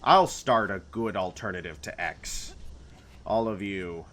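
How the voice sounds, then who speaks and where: Streaming a video game, a man with a low, fairly bright voice talks casually and a little slowly. His commentary rambles playfully, and he slips into silly voices now and then.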